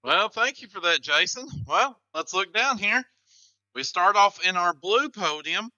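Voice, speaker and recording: High, bright comic game show announcer man. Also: animated, a little slow, no room sound, muffled recording. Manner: mock-dramatic, rambling for laughs.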